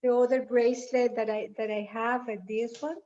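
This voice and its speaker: A woman's voice: a little high, little pitch movement, dark tone, lo-fi sound. A woman with a non-native English accent presenting her jewelry in careful, hesitant English. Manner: careful and hesitant, halting phrasing. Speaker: guest jewelry artist. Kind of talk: product presentation.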